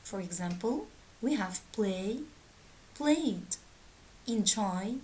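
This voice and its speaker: A woman teaching a grammar lesson, reading out word pairs slowly and deliberately. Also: medium pitch, lively intonation, a little mellow, rough recording. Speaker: English teacher.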